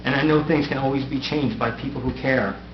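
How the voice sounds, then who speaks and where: A man's voice: mid-range voice, brisk. Middle-aged man, outgoing mayor, prepared farewell speech, self-deprecating jokes, echoey council chamber, muffled noisy recording. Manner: wry, self-deprecating humor.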